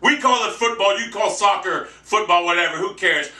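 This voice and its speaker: A man ranting brashly and profanely in a monologue vlog, boasting loudly. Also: high-pitched, animated, brisk, recorded from a distance. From United States. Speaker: vlogger. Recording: echoey room, off-mic.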